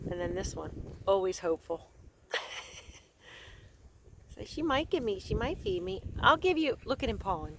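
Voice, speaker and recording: A woman's voice: mid-range voice, sing-song, normal speed, vocal fry, pauses often, background noise. A woman chatting casually for her vlog outdoors on a farm pasture, cooing at her animals as she goes. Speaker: horse owner and vlogger.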